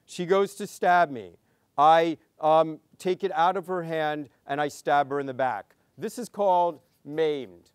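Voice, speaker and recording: A man, a pediatrician, giving a conference talk, telling clinic stories and acting out the dialogue in a lively way. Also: a little high, measured pace, clean tone, dry recording, clean studio sound. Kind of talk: conference lecture.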